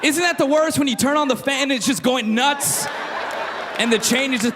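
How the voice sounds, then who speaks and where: A man's voice: extremely high pitch, moderate pace. A man doing stand-up comedy in a playful, self-mocking way. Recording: live club recording with crowd noise.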